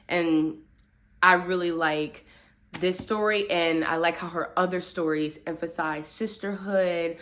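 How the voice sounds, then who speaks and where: A young woman casually reviewing a book, chatty and animated, with a lot of fillers as she talks. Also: lowish voice.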